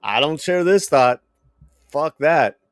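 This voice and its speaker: A man hosting a commentary channel, reacting to a clip in a blunt, animated way, swearing and repeating himself. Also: on the high side, slow, dry recording, studio quality.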